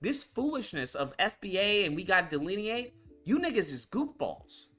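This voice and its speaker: Male commentary host, blunt and profane, high-pitched and lively, with soft guitar music underneath. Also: normal speed. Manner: blunt, profane, repetitive and heated. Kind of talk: casual political commentary rant.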